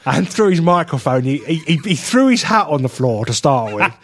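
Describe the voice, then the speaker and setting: A man's voice: on the high side, normal speed, dry recording. A man co-hosting a radio show, telling a story in a chatty way and laughing often as he talks. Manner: animated storyteller, laughs often, puts on voices in anecdotes. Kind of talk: casual radio chat. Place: radio studio.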